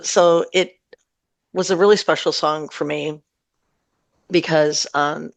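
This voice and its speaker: A middle-aged woman talks through her music career in a rambling, friendly way, often laughing between thoughts. Her voice has a gravelly, creaky texture. The sound is dry and close, with no room echo. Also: low voice. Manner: chatty and warm, laughs often, rambles with fillers. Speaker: singer-songwriter guest. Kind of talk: casual interview chat.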